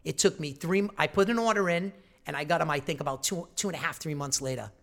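A man's voice: on the high side, fast, creaky, fairly bright tone. A man telling a long story in casual chat, profane and rambling.

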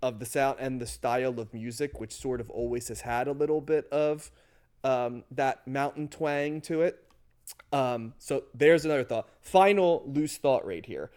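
A man's voice: mid-range voice, a little slow, a little mellow, smooth. A man from the US Northeast co-hosting a podcast, chatting casually about music and thinking aloud with lots of fillers. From US Northeast, near New York and Philadelphia. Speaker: podcast co-host.

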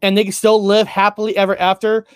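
Higher-voiced man reading haltingly, dry mic. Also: completely flat delivery, smooth, dry recording. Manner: halting reader who stumbles on words and swears offhand. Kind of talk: casual podcast chat, reading passages aloud.

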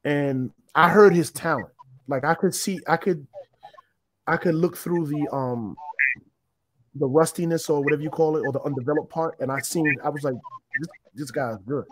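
A man's voice: fairly high pitch, moderate pace, background noise. A man as an interview guest, telling his own story in a casual, reflective way and often restarting his sentences. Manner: reflective, meandering, with frequent restarts.

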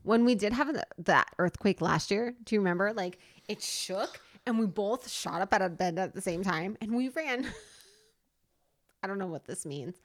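Animated, laughing woman podcast co-host. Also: mid-range voice, moderate pace. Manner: animated, laughing, gestures with whole body. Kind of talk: casual chat.

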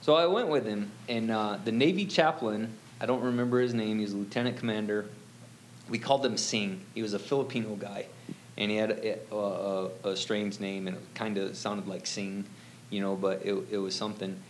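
A man's voice: lowish voice, fairly even intonation, brisk, a little hiss or hum. A middle-aged man telling a personal story as an interview guest, rambling and full of "you know" fillers.

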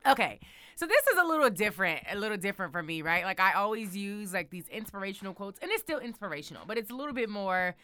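A woman's voice: medium pitch, big pitch swings, quick pace, pushed and bright, no room sound. A woman hosting a casual motivational talk, sassy and emphatic, calling the listener honey. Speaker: show host.

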